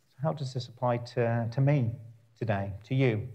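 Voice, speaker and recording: A man preaching a sermon, reading scripture and then slowing down to stress key words with deliberate pauses. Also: medium pitch, darkish tone. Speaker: pastor.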